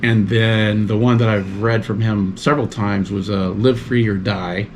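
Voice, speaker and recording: A man's voice: fairly low pitch, fairly even intonation, measured pace, slight background noise. Rambling man recommending books. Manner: rambling, loose storytelling with many fillers. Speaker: guest. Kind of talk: casual chat.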